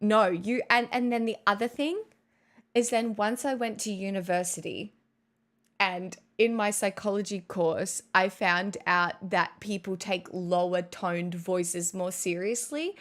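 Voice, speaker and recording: A woman's voice: medium pitch, measured pace, a bit bright. Rambling, swearing young woman streamer. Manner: rambling, self-mocking, swears freely. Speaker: live streamer. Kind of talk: casual live-stream chat. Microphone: studio mic at desk.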